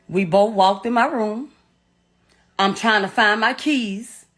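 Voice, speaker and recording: A woman's voice: mid-range voice, a little slow, fairly bright tone. A middle-aged woman, bluntly and emotionally retelling a painful story as a bereaved mother, swearing often and repeating herself. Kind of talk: raw first-person storytelling.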